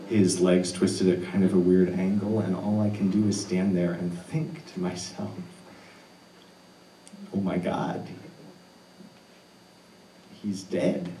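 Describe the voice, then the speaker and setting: A man telling a true personal story live on stage, earnest and animated with laughing asides. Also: low-pitched, noisy background. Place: stage in an arts center hall. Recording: roomy hall audio picked up from a distance.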